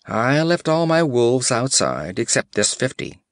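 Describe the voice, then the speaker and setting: A man reading as a gruff barbarian warrior. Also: medium pitch, big pitch swings, measured pace, no room sound, studio quality. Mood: blunt. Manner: blunt, rough, commanding. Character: gruff battle-hardened barbarian warrior chief.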